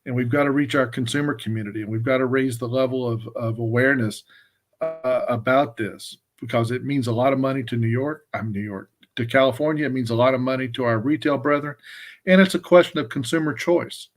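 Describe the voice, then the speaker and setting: A man's voice: mid-range voice, a little fast. A man from Wyoming giving an earnest, emphatic policy update on a live webcast, often restarting his sentences. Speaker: government affairs staffer.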